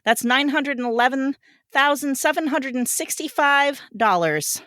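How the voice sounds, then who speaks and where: A woman's voice: sits high, normal speed, a bit bright, dry recording, studio quality. A woman co-hosting a podcast in casual chat, laughing often and reading game cards aloud. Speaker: podcast co-host.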